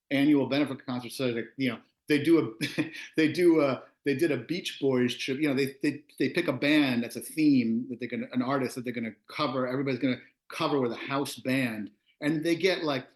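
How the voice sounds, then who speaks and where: A man in his fifties from Long Island, a musician and author, telling stories as a guest in a casual interview and laughing often. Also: mid-range voice. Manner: animated storyteller, laughs often. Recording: roomy echo.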